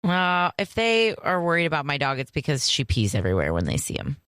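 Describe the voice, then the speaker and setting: Dry-humored woman co-host, lowish voice. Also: huge pitch swings, a little fast, a bit bright, clear, resonant tone, no room sound. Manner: dry, matter-of-fact, understated. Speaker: podcast co-host. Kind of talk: casual chat.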